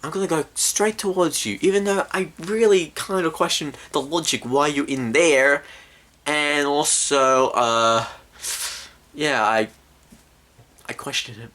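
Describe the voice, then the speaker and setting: Guy doing a bright high little boy voice, all naive and sing-songy. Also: measured pace, a little hiss or hum. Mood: mock-earnest. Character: young boy, naive and chirpy.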